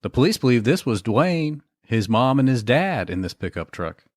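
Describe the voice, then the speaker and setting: A man's voice: mid-range voice, sing-song, normal speed, a little mellow, no echo, clean studio sound. A man co-hosting a true-crime podcast, adding wry, sarcastic quips and short agreements in casual banter. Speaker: podcast co-host.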